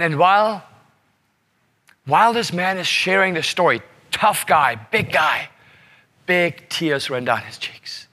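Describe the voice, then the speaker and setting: A male seminar presenter tells a leadership story in an emphatic, repetitive manner, often tossing "right?" to the audience. His voice sits slightly high and rings bright and forceful. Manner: emphatic, repeats words and asks "right?". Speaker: leadership speaker.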